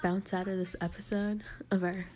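A young adult woman co-hosting a casual podcast, telling candid, crude stories in a lively, joking way. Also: mid-range voice, normal speed. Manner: candid, crude, animated storyteller. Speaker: podcast co-host.

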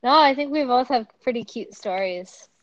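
A young woman co-hosting a casual chat, soft-spoken, often trailing off and filling gaps with "like.". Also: a little high, lively intonation, normal speed, no room sound, muffled recording. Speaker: podcast co-host.

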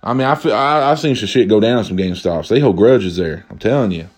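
A man's voice: fairly low pitch, animated, fast. Rambling, cussing man. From Kentucky. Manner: rambling, swears constantly, many restarts and fillers. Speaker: vlogger. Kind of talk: profane comedic rant.

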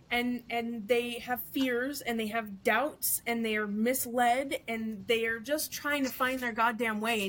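A woman's voice: fairly high pitch, fairly bright tone. A woman guest in a casual chat, ranting angrily and cursing hard. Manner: angry, profane ranting.

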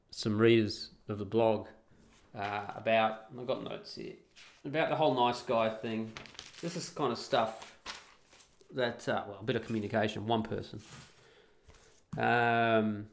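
Blunt sweary man with a gravelly voice. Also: fairly low pitch, fairly bright tone. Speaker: podcast host. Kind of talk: solo podcast rant.

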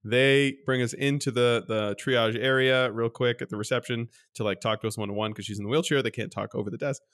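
Man, podcast co-host, casual storytelling, animated, pitch leaps when exasperated. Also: fairly quick.

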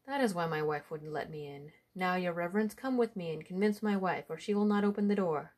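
A woman's voice: on the low side, a little fast, darkish tone, lightly acted. John Connors, woman doing a bewildered village man. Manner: pleading, protesting.

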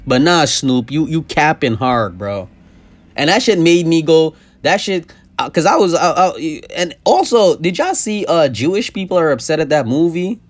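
A young man hosts a podcast, ranting in a loose, profane way. His voice sits a bit high for a man and swings from loud outbursts to low asides. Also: lively intonation, moderate pace. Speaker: podcast host. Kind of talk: casual comedic rant.

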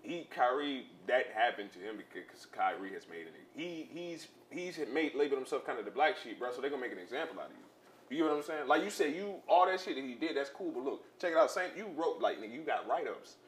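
A young man co-hosting a sports podcast, talking fast with a lively, swooping pitch that sits a little high. He teases, swears and laughs often, and his voice echoes around the room over faint background noise. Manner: animated, teasing, laughs often, profane. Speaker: podcast co-host. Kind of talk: casual sports and music chat.

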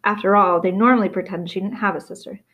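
A woman reading a novel aloud in steady storytelling, with small slips and restarts. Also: mid-range voice, quick pace. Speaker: reader.

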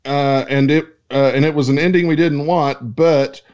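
A man's voice: on the high side, steady tone, moderate pace, a little mellow. Casual man reading listener mail, lo-fi. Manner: joking, swearing, reads listener questions. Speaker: podcast co-host reading mailbag. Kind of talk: casual podcast banter. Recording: dull lo-fi audio.

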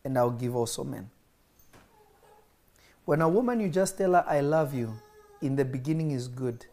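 A man teaching a small group about love and the Bible, answering questions in a lively, storytelling way. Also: medium pitch, normal speed. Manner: lively storytelling, quotes others.

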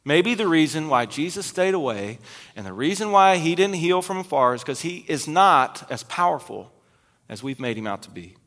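A man preaching a sermon as pastor, retelling scripture with loud emphasis and quiet, dropped asides. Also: fairly high pitch, big pitch swings, normal speed, big-room sound.

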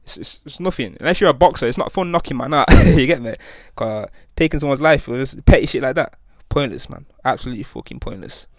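Fast-talking man, rambling story. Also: mid-range voice, lively intonation, dry recording, studio quality. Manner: rambling, slangy, with many restarts and tag questions. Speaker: podcast host. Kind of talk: casual storytelling monologue.

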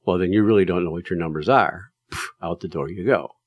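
A man's voice: sits low, fairly quick, no echo, muffled recording. A man giving casual, emphatic advice to drivers, telling stories in a plain-spoken way with plenty of fillers.

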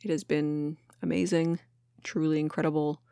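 A woman's voice: sits low, level tone, moderate pace, vocal fry, warm tone, smooth, dry recording, studio quality. A woman hosting a podcast, talking in a casual monologue, earnest and encouraging and swearing casually. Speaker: podcast host.

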